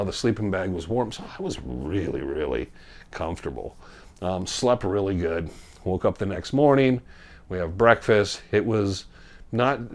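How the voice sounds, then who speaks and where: A man's voice: low voice, a little mellow. A man telling a long, rambling story in a casual, conversational way, often correcting himself as he goes. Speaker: storyteller recounting a backcountry trip.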